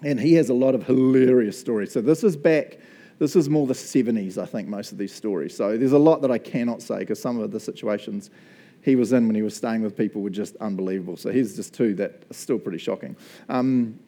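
A man's voice: fairly low pitch, a little fast. A man with a New Zealand accent preaching a casual, jokey sermon full of stories. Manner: chatty, jokey, animated storyteller.

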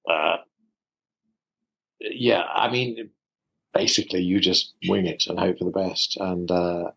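The speaker is an older South London actor chatting casually as an interview guest on a video call, hesitant and prone to repeating words and chuckling. He has a low, creaky, husky voice that's a bit bright, speaking at a measured pace through poor audio.

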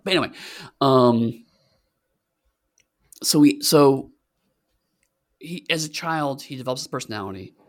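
A man's voice: medium pitch, gravelly. A man co-hosting a podcast, talking in a rambling, sarcastic way with lots of fillers and restarts. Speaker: podcast co-host. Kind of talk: casual podcast chat.

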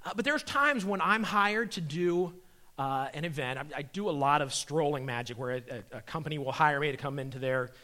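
A middle-aged man giving a comedic faith talk, animated and playful as he tells stories. His voice sits a bit high and sounds bright and forceful. He slips in and out of acted voices as he goes. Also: fairly quick. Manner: animated storyteller acting out voices. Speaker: comedian and magician speaker.

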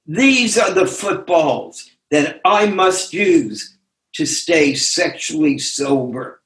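Older guy reading his essay out slow over a video call, kinda high voice, roomy echo. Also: fairly bright tone. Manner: slow, deliberate reading with pauses.

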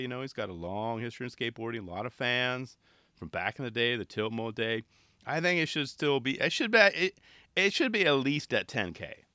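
Man, middle-aged, casual solo podcast talk, rambling and relaxed, bright edge, dead dry room. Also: medium pitch, clean tone, no echo. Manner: rambling, relaxed, self-interrupting. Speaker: podcast host.

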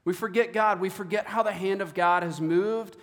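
A man's voice: sits high, moderate pace. A man preaching a sermon as pastor, earnest and prone to repeating words as he goes. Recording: long hall reverb.

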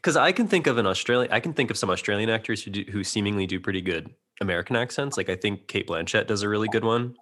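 A man with a fairly low voice hosts a casual interview. He rambles and hesitates, laughing often between his questions. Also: expressive, fast talker, few pauses, fairly bright tone. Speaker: podcast host.

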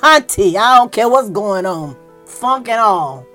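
A woman preaching a sermon in a fervent, emotional way, with folksy church talk and excited peaks. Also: mid-range voice, unhurried, faint music behind.

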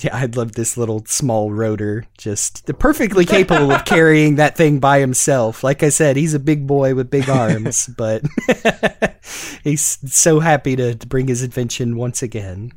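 A man's voice: mid-range voice, unhurried. A man co-hosting a podcast, chatting casually, rambling and giggly with frequent restarts. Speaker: podcast co-host. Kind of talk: casual chat.

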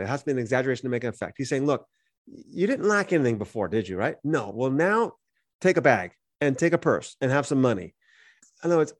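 With a mid-range voice, a male podcast co-host animatedly reads from the Bible and follows each reading with a casual, teaching-style explanation. The recording is studio quality and free of echo.

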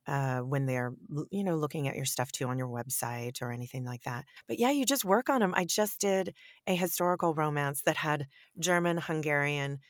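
A woman who narrates audiobooks, answering interview questions in an animated, emphatic way and laughing often. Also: deep voice, moderate pace, no echo, studio quality.

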